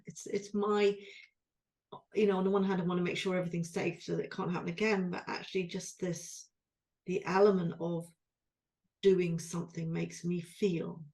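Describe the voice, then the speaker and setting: A woman's voice: on the low side, steady tone, normal speed, darkish tone. Rambling, emotional woman co-host. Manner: rambling, self-interrupting, emotional. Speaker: podcast co-host. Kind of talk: reflective conversational chat.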